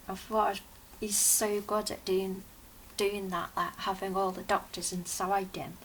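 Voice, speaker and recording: Woman fan reviewer, casual and excitable, flat-ish pitch, slight background hiss. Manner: chatty, excited, rambling with restarts. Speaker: TV episode reviewer.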